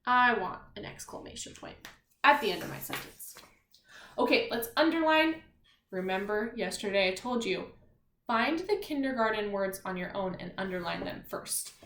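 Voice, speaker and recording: Patient and encouraging, a woman sounds out words letter by letter for young children in a slow, clear remote spelling lesson. Her medium-pitched voice is animated and fairly bright, moving at a moderate pace in an echoey room.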